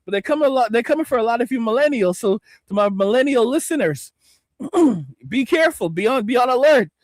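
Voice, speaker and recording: A man's voice: extremely high pitch, expressive, fast talker, no room sound. A man hosting a livestream, ranting with lots of profanity and stammered restarts, talking straight to his viewers and reading out chat comments. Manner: profane, rambling, stammers, addresses viewers directly. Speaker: host.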